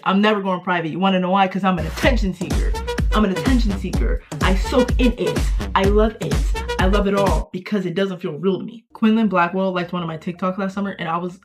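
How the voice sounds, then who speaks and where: Playful young woman vlogger. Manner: playful, self-mocking, with sudden jumps in pitch and loudness. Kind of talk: casual reaction commentary.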